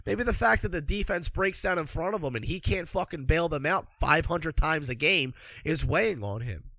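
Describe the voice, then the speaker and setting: Sarcastic and cursing constantly, a hockey commentator angrily rants in profane sports commentary, a little congested from allergies. His voice is a little high, expressive and sharp in tone, at a moderate pace, with no echo.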